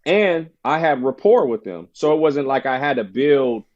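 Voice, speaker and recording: A man's voice: medium pitch, expressive, normal speed, darkish tone, highs cut off. Man telling a story, acting out voices. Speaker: podcast guest, former basketball player. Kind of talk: casual storytelling interview.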